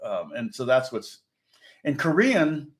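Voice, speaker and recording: A man's voice: medium pitch, sing-song, slow pace. Rambling, chuckling middle-aged man. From Indiana, USA. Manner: rambling, chuckles often, many fillers and restarts. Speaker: guitar teacher. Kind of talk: casual live-stream lesson chat.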